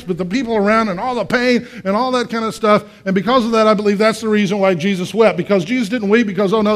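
A male pastor preaching a conversational sermon, asking the congregation questions and swinging between quiet and loud. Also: high-pitched. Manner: acts out voices in quotes, swings from quiet to loud.

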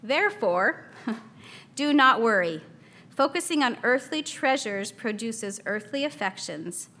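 A woman's voice: a little high, lively intonation, slow, bright, forceful tone. Chatty woman teaching a Bible study. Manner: chatty, laughs often, acts out a toddler's small voice.

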